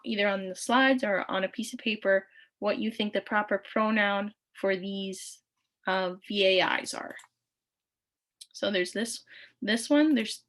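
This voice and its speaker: Woman, language teacher, slow delivery, patient, repeats words. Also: medium pitch, a bit bright. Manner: patient, repeats each word slowly, many ums. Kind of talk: recorded online language lesson.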